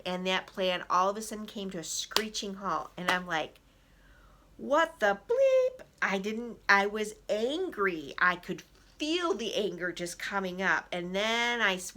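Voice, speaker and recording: A woman speaking as an emotional wellness coach, giving an animated motivational talk directly to her listeners and acting out angry inner voices along the way. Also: mid-range voice. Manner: direct, addresses listeners as "people".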